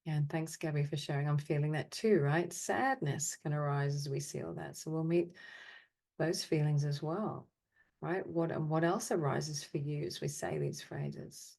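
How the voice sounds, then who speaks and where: A woman leading a guided clearing meditation on a group video call, speaking in slow, soothing repeated phrases. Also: low-pitched, lively intonation, dark tone.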